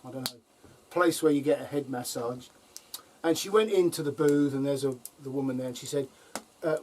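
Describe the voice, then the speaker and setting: A man's voice: mid-range voice, brisk, darkish tone, slight background noise. An older man on his allotment, casually telling funny anecdotes with lots of ums and chuckles. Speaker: allotment vlogger. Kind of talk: casual storytelling to camera. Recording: voice from a distance with faint outdoor ambience.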